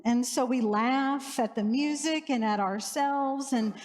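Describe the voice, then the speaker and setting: A woman's voice: sits high, measured pace, darkish tone. A middle-aged woman priest from New Orleans, preaching a storytelling sermon with wry humor in a church. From New Orleans, USA. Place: church sanctuary. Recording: long church reverb.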